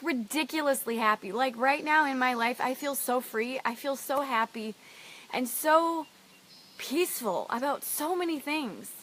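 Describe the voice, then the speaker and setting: A woman's voice: on the high side, fairly bright tone. A middle-aged woman coach telling a personal story with emotional, emphatic earnestness and frank swearing. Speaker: life coach.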